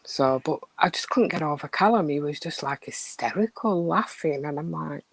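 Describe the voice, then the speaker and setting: A middle-aged woman, chatting casually and telling stories with animated, hushed asides. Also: sits low, normal speed, gravelly, breathy edge, no room sound, poor audio. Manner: animated storyteller, drops to a hushed voice. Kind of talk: casual chat, storytelling.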